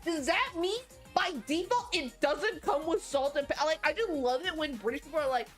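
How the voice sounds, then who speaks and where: A young woman with a high voice rambles to her live-stream chat in a loose, animated way, cursing freely and tripping over her own sentences. Faint music plays quietly behind her. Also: fairly quick. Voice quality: chatty, animated, swears freely. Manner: talks to chat, frequent fillers and restarts.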